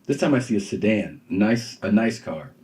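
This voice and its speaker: A male comedian holds the floor in a casual podcast chat. His pitch swings widely as he acts out the people in his story. He swears easily and laughs as he talks. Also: expressive, moderate pace, a little mellow, slight background noise. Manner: profane, laughs while telling, mimics other people's voices.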